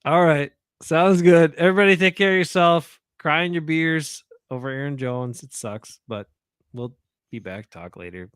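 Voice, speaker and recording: A man talks sports in a blunt, rambling, opinionated way. His voice sits a bit high for a man. The sound is dry and close, with no room around it. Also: normal speed, a bit bright, smooth, dry recording. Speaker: podcast co-host. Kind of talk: casual sports chat.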